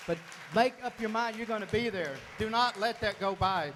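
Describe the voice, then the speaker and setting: A man's voice: high-pitched, normal speed, fairly bright tone, some chatter behind, a little hiss or hum. A man giving a folksy, fired-up motivational speech to a room at a sales meeting, repeating phrases for emphasis. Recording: long hall reverb.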